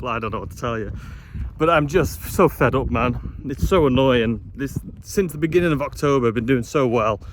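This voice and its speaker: Breathless man vlogging on a hike. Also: mid-range voice. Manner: chatty, frustrated, self-deprecating. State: slightly out of breath. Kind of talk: casual vlog narration while hiking. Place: outdoors on a windy mountain trail. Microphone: phone camera held while walking. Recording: faint wind noise outdoors. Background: wind noise.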